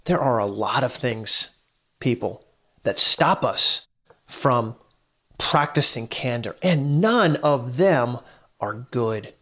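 A man's voice: medium pitch, lively intonation, slow pace, bright, forceful tone. A middle-aged man hosting a solo talk, speaking conversationally, asking listeners questions and repeating lines for emphasis. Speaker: podcast host.

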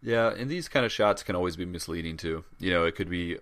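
A man's voice: sits low, fast, a bit bright. A man co-hosting a podcast in casual chat, rambling with lots of fillers and restarts. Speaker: podcast co-host.

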